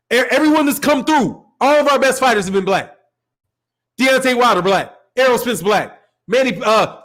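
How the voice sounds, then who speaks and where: This man from Chicago, with the accent to match, hosts a live boxing stream. His voice is extremely high and fairly bright, and he rants casually, rambling, swearing and laughing often.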